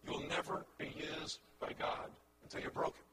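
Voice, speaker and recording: A man preaching a sermon as pastor, impassioned, swinging from hushed lines to loud ones and repeating words as he builds a point. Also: normal speed, heavy background noise.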